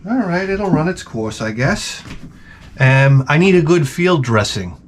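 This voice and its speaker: A man's voice: on the high side, big pitch swings, a little slow, a little hiss or hum. A man hosting his own channel, talking in a rambling, offhand way with lots of fillers and restarts. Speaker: channel host. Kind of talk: rambling casual monologue.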